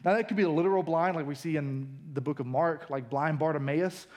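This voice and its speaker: A man delivers a sermon in a lively, colloquial manner. His voice sits high for a man and climbs further when he drives a point home. He sounds like a pastor talking straight to his congregation. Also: fairly quick. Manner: energetic, colloquial, builds up in pitch for emphasis.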